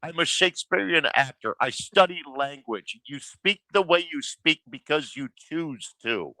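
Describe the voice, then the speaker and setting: A man lectures a fellow caller on a call-in panel, pressing each point again and again. His voice sits a little high with a sharp, bright edge, and the sound is dry and close. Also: animated, measured pace, dry recording, low-quality recording. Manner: lecturing, forceful, repeats himself. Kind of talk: heated panel argument.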